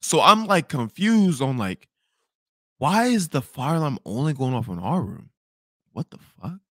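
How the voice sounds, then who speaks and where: A young man spins a storytime monologue in a bright, forceful voice, his pitch leaping all over. He swears freely and jumps between loud outbursts and low mutters, recorded dry and close. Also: very animated, a little slow, no room sound. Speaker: podcast host.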